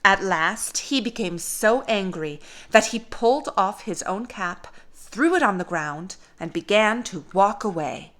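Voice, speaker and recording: A young woman, a caregiver, reading a storybook aloud in a slow, gentle, expressive way. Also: mid-range voice.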